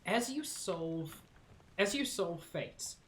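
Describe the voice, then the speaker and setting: A woman's voice: fairly low pitch, lively intonation, takes it slowly. A woman streaming a game live, thinking aloud in a casual, musing, self-mocking way with the odd swear.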